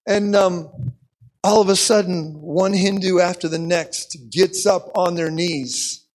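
Male preacher, high voice, animated sermon storytelling, repeats words. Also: slow pace. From United States.

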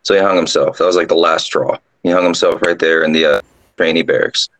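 Deep gravelly man telling a story. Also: brisk, rough recording. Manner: relaxed rambling telling, with many fillers. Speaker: guest storyteller, drill sergeant. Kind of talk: casual spoken ghost story.

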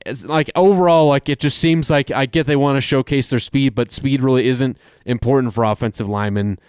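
Measured male sports podcast co-host. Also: mid-range voice, a little mellow, smooth, no room sound, studio quality. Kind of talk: casual sports chat.

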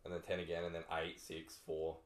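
Young Aussie bloke, very low voice, easygoing podcast co-host, echoey room. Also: male voice, completely flat delivery, a little fast. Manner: laid-back, explains plainly with casual swearing. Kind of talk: casual chat.

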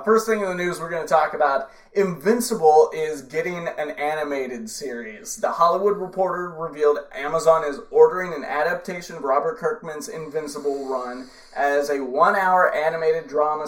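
A man's voice: a little high, normal speed, few pauses, roomy sound. A man in his thirties co-hosting a casual podcast, laughing often and restarting his sentences. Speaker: podcast co-host. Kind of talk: casual chat.

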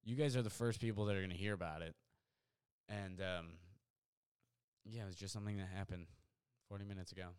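A young man hosting a podcast alone from his apartment, telling a story in a rambling, excitable way full of fillers. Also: low-pitched, fairly quick, long pauses, clear, resonant tone. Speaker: podcast host. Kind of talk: casual storytelling monologue. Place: apartment at home.

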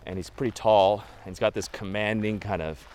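A man's voice: fairly low pitch, steady tone, fairly quick, darkish tone, slight background noise. A man, a photographer who leads photo walks, telling chatty, rambling anecdotes with many fillers in a casual interview.

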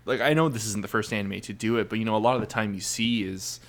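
On a podcast, a male co-host with a lowish voice talks quickly and casually about an anime episode. His speech is full of fillers and restarts.

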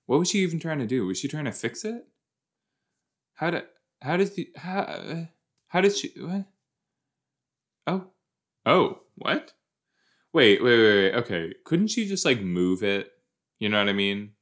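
Reacting to a TV episode on his casual watch-along show, a young man rambles playfully and breaks into goofy put-on voices. He's very animated at a medium pitch, speaking a little slowly with long pauses.

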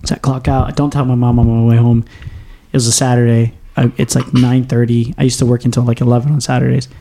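A man's voice: mid-range voice, little pitch movement, quick pace, creaky, warm tone. A young man hosting a podcast, telling a long story in a rambling, profane, casual way with frequent laughs. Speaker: podcast host. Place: small home studio.

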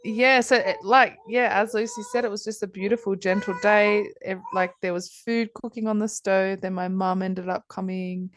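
A woman's voice: medium pitch, fairly even intonation, moderate pace, few pauses, no room sound. A woman, telling her story as a podcast guest in a candid, chatty way, swearing freely and often restarting her sentences. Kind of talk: casual conversation.

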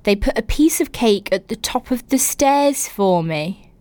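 A woman's voice: a little high, lively intonation, measured pace, darkish tone, no echo. A young woman from England hosting a casual podcast, reading out listeners' stories and reacting with exaggerated, giggly comments. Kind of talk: casual chat.

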